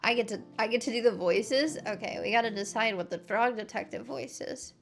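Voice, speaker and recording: A woman's voice: on the high side, fairly quick, gravelly, faint music behind. A woman streamer chatting casually and playfully while she plays a game.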